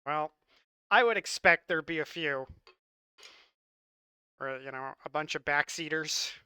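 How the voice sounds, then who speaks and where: A man's voice: a little high, unhurried, sharp tone, smooth, no room sound. A man chatting casually with his audience on a live stream, loose and joking, laughing often and swearing freely. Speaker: livestreamer.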